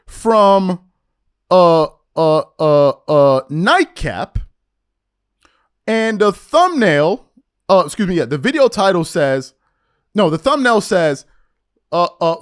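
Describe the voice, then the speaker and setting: A man hosting a sports podcast, delivering a heated, mocking rant full of trash talk. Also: high-pitched. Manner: mocking, animated, trash-talking.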